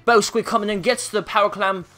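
A man's voice: high-pitched, steady tone, a little fast, sharp tone, voice pushed up. A man voicing a jolly, over-the-top commentator in a put-on British accent. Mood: cheery. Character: jolly mock-British male sports commentator.

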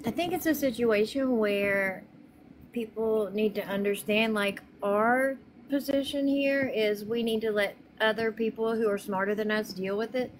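A woman calmly explaining her view while chatting on a live stream. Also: on the high side, a little slow, a little hiss or hum, rough recording. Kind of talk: casual live-stream chat.

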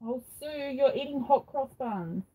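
A woman's voice: high voice, lively intonation, measured pace, warm tone, slightly rough, poor audio. A middle-aged Australian woman hosting a craft live stream, chatting casually and rambling with frequent ums, recorded on a phone. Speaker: craft channel host.

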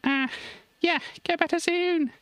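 Tracy, a woman's bubbly high-voiced sidekick. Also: fairly even intonation, measured pace, no echo. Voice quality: high, bright childlike voice. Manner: bubbly, rambling, stammering repeats. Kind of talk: live stream character bit.

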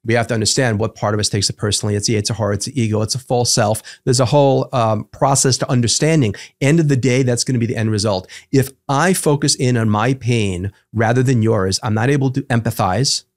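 A man talks as a psychotherapist guest on an interview podcast. His voice sits at an everyday middle pitch. He teaches through ordinary examples, asking rhetorical questions and checking that his listeners follow. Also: fast talker, few pauses.

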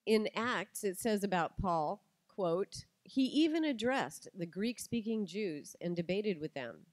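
A middle-aged woman giving a lively talk to an audience, telling stories and acting out quotes with animation. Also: medium pitch, a little slow, no room sound. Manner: animated storytelling, acts out quotes.

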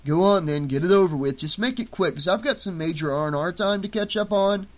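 A man's voice: high-pitched, fairly quick, voice pushed up, natural voice. A man reading an audiobook, voicing a brash, crude young man who talks bluntly and sarcastically. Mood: scoffing.

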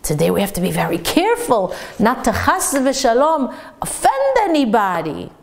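A woman teacher giving a sermon-style Torah lesson, telling stories lively and laughing along the way. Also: a little high, normal speed, creaky.

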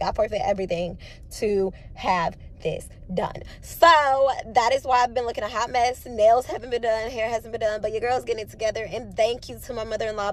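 A woman's voice: medium pitch, a little hiss or hum. A woman in her twenties talking casually to camera in a vlog, venting her frustration and sometimes tearful. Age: 20s. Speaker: vlogger.

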